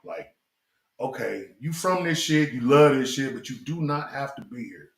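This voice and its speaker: A man's voice: mid-range voice, lively intonation, moderate pace. A middle-aged man, a guest rapper, telling rambling, profane stories from his life in a casual interview chat. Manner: loose, profane, rambling storyteller. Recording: roomy echoing studio.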